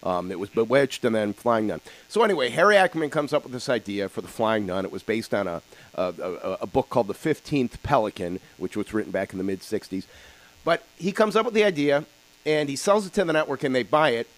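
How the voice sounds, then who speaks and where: A man's voice: mid-range voice, a little fast. A man hosting a podcast, telling a story casually with lots of fillers. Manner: rambling, animated storyteller with filler words. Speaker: podcast host.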